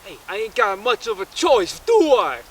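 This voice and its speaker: A man's voice: a little high, unhurried, a bit bright, a little hiss or hum, low-quality recording. A man voicing a roguish fellow who admits he is a bad guy, talking hesitantly with filler sounds. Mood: wisecracking.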